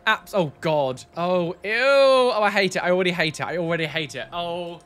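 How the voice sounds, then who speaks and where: A man's voice: fairly high pitch, fast, fairly bright tone. A man, a body piercer, hosting a casual reaction video in a camp, sassy, exclamatory way. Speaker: body piercer and show host.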